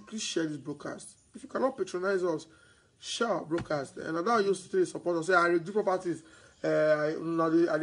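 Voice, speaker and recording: This man's voice sits high, and the audio quality is poor. Speaking with a Nigerian accent, he delivers a real estate sales monologue to his viewers, mixing in Pidgin and repeating himself as he gets louder and more excited.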